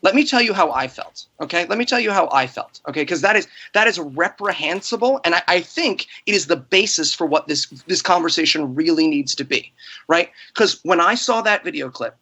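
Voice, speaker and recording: A man's voice: on the high side, lively intonation, fairly quick, pushed and bright. A man hosting a podcast, speaking in an impassioned, emotional and indignant way during a heated debate. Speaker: podcast host.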